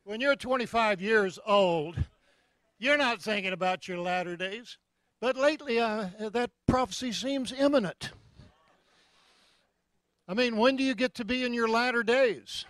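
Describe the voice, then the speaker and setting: A man in his seventies preaching a sermon, jovial and joking, breaking into loud shouts of praise. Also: very high voice, a little slow, dry recording. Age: 70s. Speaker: guest preacher.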